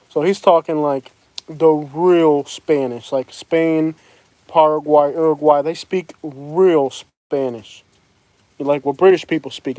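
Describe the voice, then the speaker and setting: A man's voice: fairly high pitch, dark tone, no echo. A man chatting casually and rambling to livestream viewers from outdoors in the rain. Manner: rambling, talks straight to chat viewers. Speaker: livestream host. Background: rain falling.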